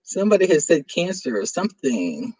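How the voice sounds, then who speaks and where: This chatty middle-aged live stream host has a low, husky, dark-toned voice that is sing-song and fairly quick. She teases while reading viewer comments aloud and laughs often, her close, dry voice pressed to the mic with no room sound.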